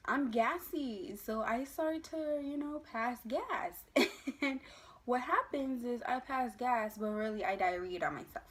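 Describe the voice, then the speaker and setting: A woman's voice: a little high, measured pace. Young woman emotionally telling her birth story. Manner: emotional, animated retelling with acted quotes. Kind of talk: casual personal storytelling to camera.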